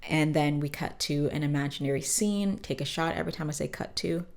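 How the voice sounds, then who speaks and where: A woman hosting a podcast, casually recapping a cartoon episode with swearing and quick character voices. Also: low voice, creaky. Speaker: podcast host.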